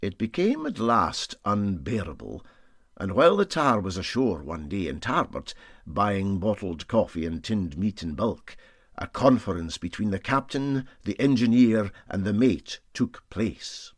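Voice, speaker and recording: A man reading a story aloud in a measured, expressive way. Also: lowish voice, dry recording, clean studio sound. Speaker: audiobook reader. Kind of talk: storybook narration.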